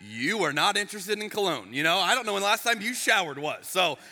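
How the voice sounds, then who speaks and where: Male pastor, conversational sermon delivery, very bright tone, big reverberant church hall. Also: high voice, quick pace. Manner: animated, chatty, with frequent restarts and asides. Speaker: lead pastor. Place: church sanctuary. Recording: long reverb of a large hall.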